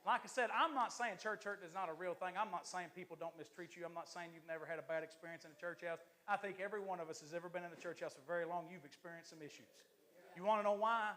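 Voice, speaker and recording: A man, an assistant pastor, preaching a lively, joking sermon to his church congregation. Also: high-pitched, quick pace.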